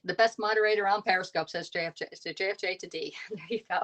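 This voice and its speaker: A woman's voice: medium pitch, fast talker, fairly bright tone. Lady chatting away on a cooking livestream in her kitchen, laughing, saying hi to everybody. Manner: chatty, greets viewers by name, laughs often. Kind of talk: casual live cooking stream. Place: home kitchen.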